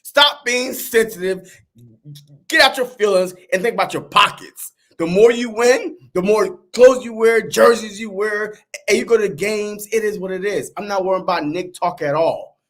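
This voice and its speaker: A man co-hosting a casual sports podcast, animated and laughing, slipping into dramatic mock voices. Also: high-pitched, normal speed. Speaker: podcast co-host.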